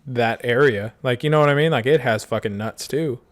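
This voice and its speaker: A man's voice: medium pitch, a little fast. A man co-hosting a podcast in crude, joking casual chat, laughing easily. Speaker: podcast co-host.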